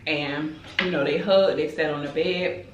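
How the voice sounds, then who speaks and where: A woman's voice: sits low, a little slow, roomy sound, dull audio, a little hiss or hum. A woman tells a dramatic story in casual chat while eating on camera. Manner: animated, chatty, dramatic retelling. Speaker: mukbang host.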